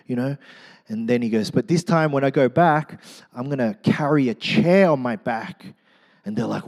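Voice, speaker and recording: A man preaching a sermon, telling a story with lively, acted-out crowd voices and casual asides. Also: medium pitch, normal speed. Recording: long hall reverb.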